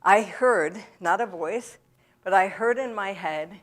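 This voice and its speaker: A woman speaking in a church, telling her own story to the audience in a halting way, with many pauses and fillers. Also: medium pitch, a bit bright. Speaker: guest speaker at a recovery event. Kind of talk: personal testimony to a church audience. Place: church sanctuary.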